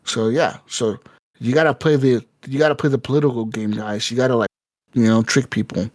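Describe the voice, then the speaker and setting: A man's voice: medium pitch, steady tone, a little fast, a little mellow, no echo, clean studio sound. A man co-hosting a casual gaming podcast, telling a rambling, profane story with lots of fillers and acted-out quotes. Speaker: podcast co-host.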